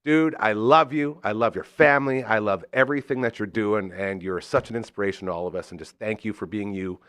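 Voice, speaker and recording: A man's voice: fairly quick, fairly bright tone, clean tone, dry recording, studio quality. A man hosts a casual talk show, effusive and upbeat. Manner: effusive and upbeat, with big swings in pitch. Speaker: radio show host. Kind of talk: casual chat.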